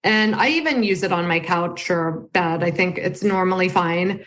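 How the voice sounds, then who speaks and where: A woman's voice: fairly low pitch, normal speed. Easygoing woman company founder. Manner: relaxed, easygoing, with frequent "um" and "like". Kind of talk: casual interview conversation.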